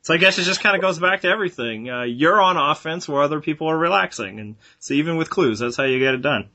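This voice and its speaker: A man with a bright, forceful voice hosts a podcast, asking his guest questions in a relaxed, casual way. The sound is dry and close. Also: fairly high pitch, quick pace, no echo, lo-fi sound. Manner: relaxed questioner who reads listener questions. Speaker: podcast host. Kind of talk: casual interview.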